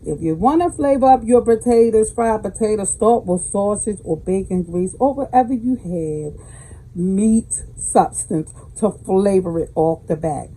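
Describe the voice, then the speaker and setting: A woman's voice: medium pitch, unhurried, warm tone, slightly rough, low-quality recording. A woman with a Southern American accent hosting a home cooking tutorial in her kitchen, chatting folksily and calling her viewers baby. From Southern United States. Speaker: cooking channel host.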